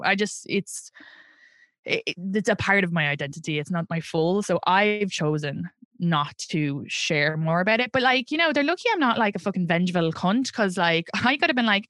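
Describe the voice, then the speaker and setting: A woman in her thirties with an Irish accent, talking frankly about her own life in an interview. Her voice sits a little low but sounds bright and sharp. She swears freely and animates her stories, recorded dry and close. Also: no room sound. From Ireland. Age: 30s. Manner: blunt and profane, animated storytelling. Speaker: comedian guest. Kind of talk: candid interview conversation.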